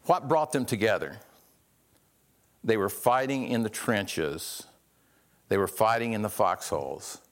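Conversational pastor preaching. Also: male voice, fairly low pitch, animated, a little slow, long pauses. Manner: conversational, repeats words, restarts often. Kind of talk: sermon.

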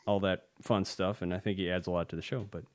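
A man's voice: low-pitched, steady tone, fast talker. Rambling man hosting a tech podcast. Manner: rambling, hesitant, chuckles often. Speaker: podcast co-host. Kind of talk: casual tech chat.

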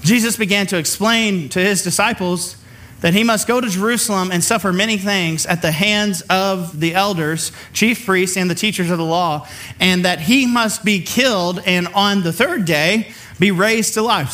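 A male pastor delivers a casual, conversational sermon. His voice sits high and sounds bright. He breaks into short acted bits of the figures in his story. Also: moderate pace. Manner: conversational, acts out the figures he quotes.

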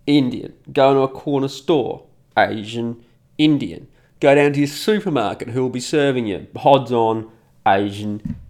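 A middle-aged man in a casual monologue, indignant and emphatic, repeating words for effect. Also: medium pitch. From Australia. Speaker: commentator. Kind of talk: casual monologue reading comments.

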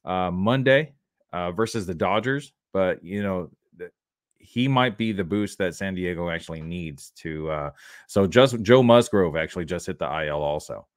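A man co-hosting a casual fantasy baseball podcast, reading out player stats steadily with filler pauses. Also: sits low, expressive, no echo, studio quality. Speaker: podcast co-host. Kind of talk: casual sports chat.

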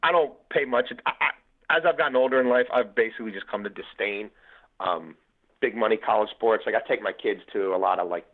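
Over tinny phone-line audio, a Baltimore-area man in his forties talks briskly in a lowish voice. A guest on a podcast, he casually shares sports memories as an animated storyteller, full of fillers and restarts.

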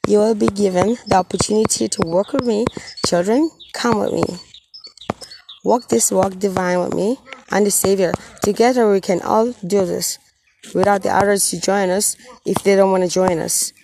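A woman speaking as God, giving a tender, solemn message to his children in earnest, halting, repetitive phrases. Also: mid-range voice, steady tone, vocal fry, background noise, close to an everyday voice. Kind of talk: channelled message, spoken as God.

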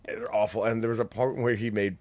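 A man's voice: lowish voice, level tone, fairly quick, darkish tone. A man co-hosting a casual podcast, rambling through stories, swearing freely and laughing as he talks. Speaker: podcast co-host. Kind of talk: casual chat.

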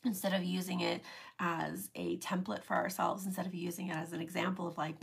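Woman, live-stream talk host; husky, gravelly voice, relaxed and chatty with filler words. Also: lowish voice, a little fast. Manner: chatty, many "like" fillers, acts out quoted voices.

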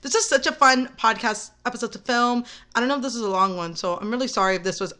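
Young female podcast host, high bright voice, rambling and excitable storyteller. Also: fast talker. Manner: rambling, excitable, heavy use of "like". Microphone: camera mic.

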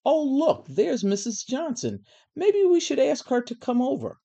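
Lady doing a high eager schoolgirl for a kids' story, way up in pitch. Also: very animated, a little slow, creaky, mellow, heavily acted. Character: excited young schoolgirl, eager.

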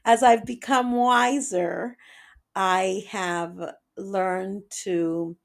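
A woman's voice: medium pitch, steady tone, extremely slow, gravelly. A woman in her forties hosting a solo podcast, talking in an earnest, personal way and slipping Spanish phrases into her talk. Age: 40s. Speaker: podcast host. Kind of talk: reflective solo podcast monologue.

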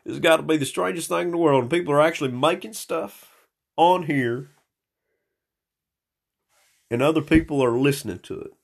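Rough-voiced man, slightly hoarse, profane rambling monologue recorded on a phone at home. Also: a little high, normal speed, long pauses. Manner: profane, rambling stream of consciousness. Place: small room at home.

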